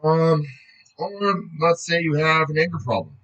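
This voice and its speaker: A man's voice: fairly high pitch, measured pace, fairly bright tone, rough recording. A man reading a book aloud in a casual way, often breaking off to joke, swear and laugh.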